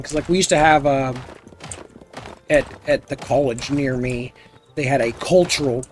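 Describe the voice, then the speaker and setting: A man's voice: on the high side, darkish tone. A man live-streaming a building game, chatting casually and goofily with his viewers as he plays. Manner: rambling, goofy, chats with viewers while playing. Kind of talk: casual gameplay stream chat.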